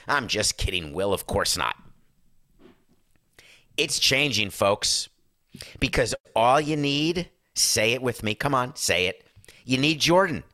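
A middle-aged man with a hoarse voice, ranting emphatically and sarcastically as a sports talk show host. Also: mid-range voice, animated, slow, long pauses, pushed and bright, dry recording, studio quality. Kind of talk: impassioned talk-show rant.

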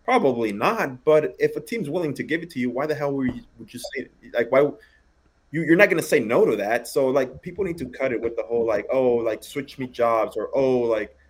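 A man's voice: mid-range voice, lively intonation, a little fast, breathy edge. A man talks casually on a podcast, rambling and leaning on filler words. His voice sits in an ordinary middle range. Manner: conversational, rambling, lots of "like". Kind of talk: casual chat.

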